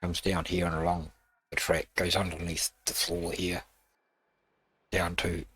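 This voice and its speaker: A man hosting a gaming channel, casually talking through his game build in a rambling, halting way with many fillers. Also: low-pitched, level tone, fairly bright tone, slightly rough. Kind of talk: casual gameplay walkthrough.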